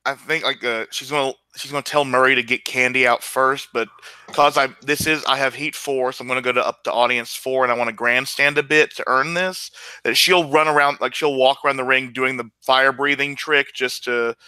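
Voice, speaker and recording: A man's voice: medium pitch, steady tone, brisk, pushed and bright, clean tone, no room sound. A man playing a tabletop game, talking casually and hesitantly. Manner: hesitant, full of fillers. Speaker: player.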